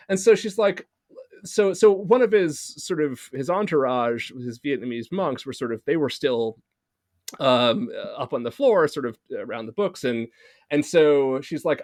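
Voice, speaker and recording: A man's voice: fairly high pitch, lively intonation, moderate pace, dry recording. A man hosting a podcast tells a long, meandering story about himself. He laughs at his own expense and swears casually. The sound is dry and close-miked, with no room in it. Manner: rambling, self-deprecating, swears casually. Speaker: podcast host.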